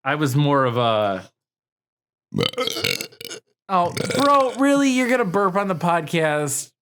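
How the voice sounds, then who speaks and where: Lively slow-talking male podcast co-host. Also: a little high, a little hiss or hum. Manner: joking, profane, trailing off with fillers. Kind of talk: casual comedy podcast banter.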